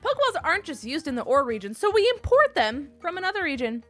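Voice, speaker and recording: A woman streams a video game, chatting playfully with her viewers and reading the game's dialogue aloud in put-on voices. Her high voice swings widely in pitch at a quick pace, a bit bright, with faint music behind her. It's casual game commentary.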